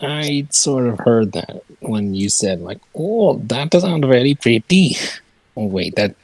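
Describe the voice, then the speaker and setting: A man's voice: medium pitch, very animated, a little slow, darkish tone, dry recording. A man joining a casual book discussion, teasing the others and laughing between remarks.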